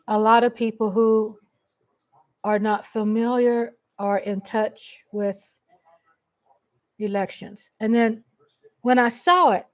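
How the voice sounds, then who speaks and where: A middle-aged woman hosting a livestream from home on a desk mic, chatting casually and rambling as she reads viewer comments and gets emotional. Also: fairly high pitch. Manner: emotional, laughs often. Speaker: livestream host. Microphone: USB desk mic.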